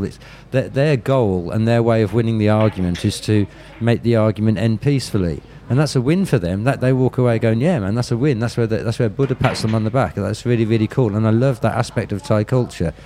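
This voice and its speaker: A man's voice: lowish voice, dark tone, slight background noise. A man with a Birmingham accent, telling candid stories in an interview with blunt, profane talk and frequent restarts. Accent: Birmingham English. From Birmingham, England. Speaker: interview guest. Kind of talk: candid storytelling.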